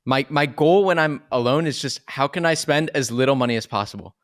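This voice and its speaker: A man's voice: mid-range voice, fairly quick. A young man co-hosting a podcast in casual chat, chatty and self-mocking with lots of fillers. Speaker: podcast co-host.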